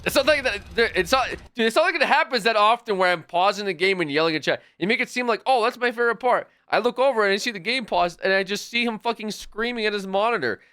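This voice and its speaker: A man's voice: high-pitched, fast talker, few pauses, bright, forceful tone, clean tone. A man streaming a game live, talking back to his chat in an exasperated, swearing rant. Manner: frequent swearing. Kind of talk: live gaming stream commentary.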